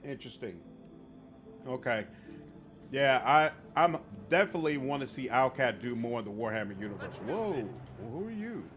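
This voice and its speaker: A man's voice: medium pitch, lively intonation, normal speed, fairly bright tone, faint music behind. A man casually commenting on his game while chatting with viewers on a livestream. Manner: chatty, greets chat, reacts aloud while playing. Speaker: streamer.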